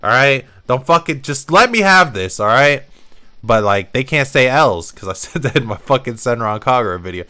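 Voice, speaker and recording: A young man doing let's play commentary, profane, joking and excitable. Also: medium pitch, normal speed, clear, resonant tone. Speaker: gamer.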